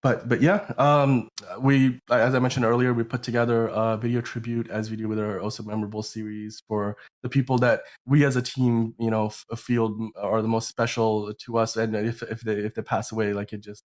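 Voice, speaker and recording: A man's voice: fairly low pitch, level tone, a little fast, hardly any pauses. A man hosting a podcast in a casual chat, rambling with lots of fillers and restarts while sounding sick. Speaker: podcast host.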